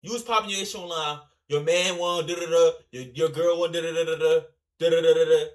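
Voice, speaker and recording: A man reacting to a clip in a loose, rambling commentary voice that sits somewhat high. He talks in slang, drifts into tangents and keeps turning to speak to his viewers directly. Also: fast talker. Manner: animated, rambling, slangy, repeatedly addresses viewers. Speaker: reaction video host.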